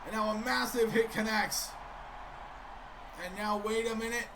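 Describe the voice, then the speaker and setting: High-pitched excitable male game commentator. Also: unhurried, noisy background. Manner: excitable, keeps breaking off with "wait a minute". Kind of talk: play-by-play commentary of a video game.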